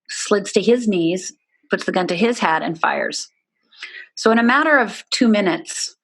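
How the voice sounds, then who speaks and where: A woman's voice: on the low side, a bit bright. A middle-aged woman speaks as an interview guest, telling her own story. She is candid and earnest, and she leans on "you know" as she talks.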